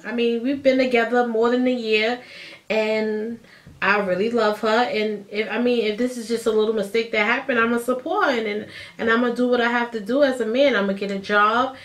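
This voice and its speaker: A woman's voice: a little high, lightly acted. A woman voicing her teenage boyfriend as he says he will stand by her, in a plain, earnest, determined way.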